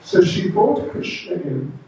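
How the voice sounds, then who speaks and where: A man, a visiting monk, telling a devotional story as a sermon, slow and chatty with asides. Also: mellow, slight background noise. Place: temple hall. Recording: very echoey hall from far off.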